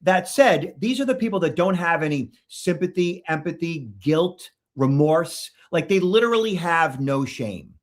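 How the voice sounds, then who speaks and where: A man's voice: a little high, lively intonation, unhurried, few pauses. A middle-aged man with a Boston accent answering interview questions bluntly and emphatically, often checking in with "okay?". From Boston, Massachusetts. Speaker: guest, security expert.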